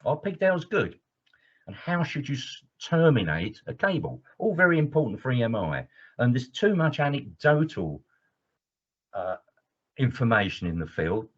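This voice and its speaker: A man's voice: medium pitch, very animated, moderate pace, a bit bright. A man teaching as an engineering trainer in a webinar lecture, enthusiastic and digressive, with many fillers. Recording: dull lo-fi webinar audio.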